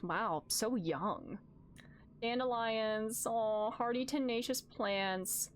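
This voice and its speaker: A woman's voice: fairly high pitch, slow, a little hiss or hum. Emotional, effusive woman streamer. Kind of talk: let's play commentary.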